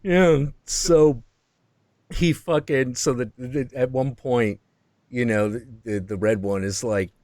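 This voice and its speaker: A man's voice: medium pitch, steady tone, takes it slowly, a little mellow, dry recording. A man hosting a stream, chatting casually and rambling through ideas, now and then acting out voices in quotes. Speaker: stream host. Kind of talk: casual chat.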